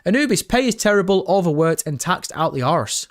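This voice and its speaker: A young British man live-streaming, chatting excitedly with his viewers and swearing freely. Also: high-pitched, brisk. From Britain. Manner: excitable, swears often, chats directly to viewers. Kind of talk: casual live-stream chat.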